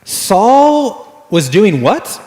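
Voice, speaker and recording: A man preaching a sermon as pastor, telling the story in a casual, animated way with frequent fillers. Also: sits high, extremely slow. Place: church sanctuary. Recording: echoey church hall.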